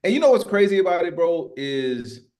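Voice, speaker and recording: A man in his fifties co-hosting a podcast, talking casually and getting animated when worked up. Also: high voice, moderate pace. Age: 50s. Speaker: podcast co-host. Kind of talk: casual chat.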